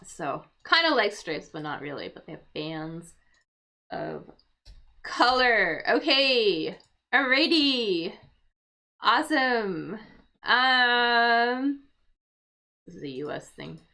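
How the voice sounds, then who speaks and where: A woman's voice: on the high side, sing-song, takes it slowly, creaky, pauses often, bright, forceful tone. A woman hosting a casual crossword livestream for English learners, thinking aloud and explaining word meanings patiently.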